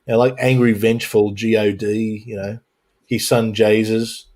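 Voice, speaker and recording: A man's voice: on the low side, level tone, moderate pace, a little mellow. A man hosting a casual panel chat on a live stream, joking and sarcastic, with mock-serious bits, talking into a home mic on a video call.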